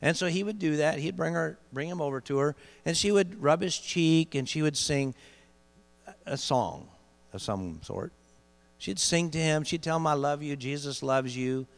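Middle-aged preacher, gravelly and animated; sermon, big echoing hall, mains hum. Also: male voice, on the high side. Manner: builds to loud emphatic peaks, slows for key phrases. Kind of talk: sermon storytelling.

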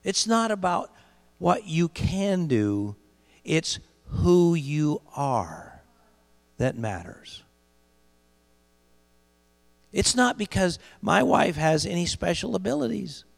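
Gravelly preacher in an echoing hall. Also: male voice, high voice, sing-song. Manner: builds to loud emphatic peaks, slows for key phrases. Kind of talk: sermon storytelling. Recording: long hall reverb with mains hum.

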